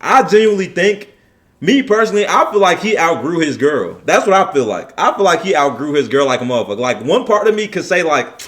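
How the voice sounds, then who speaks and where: Bright-voiced young streamer man. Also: a little high, sing-song. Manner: slangy, repetitive, drawn-out filler. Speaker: streamer reacting to a video. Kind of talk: casual reaction commentary.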